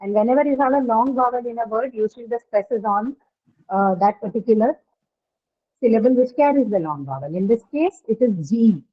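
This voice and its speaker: A woman's voice: on the high side, lively intonation, fairly quick. A woman teaching stress patterns in an online class, checking with "right?" as she explains. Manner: explanatory, asks "right?" often. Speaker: English teacher. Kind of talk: online phonetics lesson. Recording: tinny online call audio.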